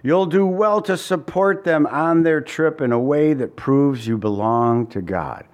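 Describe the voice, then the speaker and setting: A man preaching a sermon as pastor, animated and asking the congregation many rhetorical questions, with passages of scripture read aloud. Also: on the high side, measured pace. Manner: reads scripture in old-fashioned wording.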